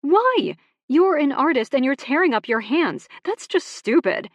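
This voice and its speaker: A woman narrator voicing a blunt ranch woman, his older sister, who fires sharp, exasperated questions. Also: mid-range voice, animated, moderate pace, no echo, natural voice.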